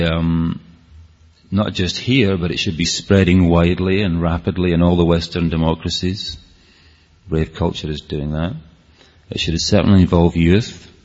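A man with a Scottish accent giving an earnest, rambling talk to an audience, often restarting his sentences. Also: sits low. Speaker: speaker. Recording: dull, lo-fi hall recording.

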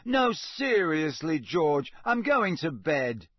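A man voicing a tired, fed-up teenage boy wizard who protests flatly and wearily. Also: on the high side, slow pace, no room sound, studio quality, voice pushed up, exaggerated voice. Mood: weary.

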